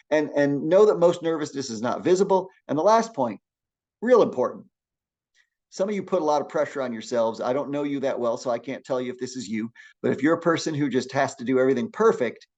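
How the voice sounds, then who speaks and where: A middle-aged man teaching a public speaking class, lecturing in an energetic, encouraging way with frequent restarts. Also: medium pitch.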